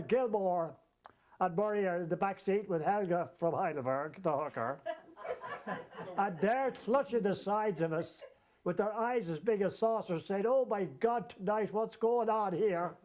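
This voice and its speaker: A man telling a comic travel anecdote as a storyteller, lively and chuckling along as he goes. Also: high-pitched. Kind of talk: comic anecdote told to an audience.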